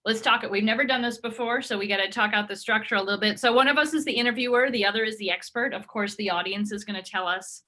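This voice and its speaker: A woman improv performer in casual chat, talking in quick, self-interrupting bursts. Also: fairly high pitch, sharp tone. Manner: chatty, laughing, self-interrupting.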